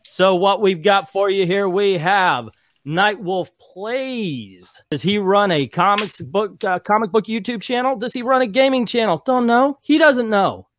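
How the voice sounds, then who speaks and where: A man's voice: a little slow, fairly bright tone, no echo, clean studio sound. A man hosting a casual comic book debate show, loose and joking. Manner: theatrical, booming intro then loose and joking. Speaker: host.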